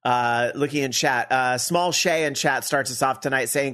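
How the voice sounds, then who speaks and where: A man hosting a gaming talk show, chatting casually in a relaxed, rambling way. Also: mid-range voice, normal speed. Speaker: podcast host.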